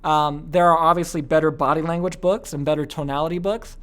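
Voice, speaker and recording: A man's voice: fairly high pitch, fairly even intonation, fairly quick, a bit bright, clear, resonant tone. A man teaching an online course in a casual, chatty way, full of fillers and frequent "okay?" asides. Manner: acts out little quoted scenes.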